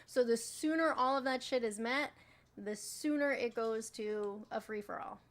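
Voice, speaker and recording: A woman runs a casual live stream as its moderator, joking and swearing freely. She is bossy with her viewers. Her voice sits a little high for a woman. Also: measured pace.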